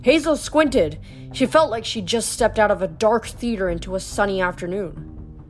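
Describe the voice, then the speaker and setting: A woman's voice: medium pitch, lively intonation, normal speed, faint music behind. Woman reading a fantasy novel aloud. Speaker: audiobook reader. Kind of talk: storybook reading.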